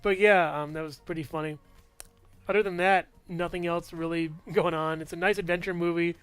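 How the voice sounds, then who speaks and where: A man's voice: a little high, steady tone, normal speed, fairly bright tone, clean tone, faint music behind. A man casually reviewing movies in a vlog, rambling, full of fillers and restarts, chuckling often.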